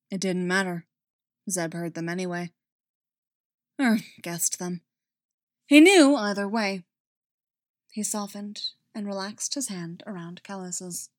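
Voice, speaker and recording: A woman giving an expressive, dramatic reading of a story. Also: medium pitch, no echo, studio quality. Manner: expressive, rising and falling with the drama. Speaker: reader.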